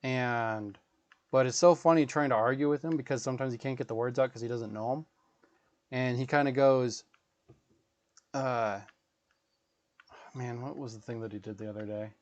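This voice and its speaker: A man's voice: medium pitch, steady tone, moderate pace, long pauses, dry recording, dull audio. A man in his thirties, a gaming livestreamer, telling rambling, profane stories in casual chat.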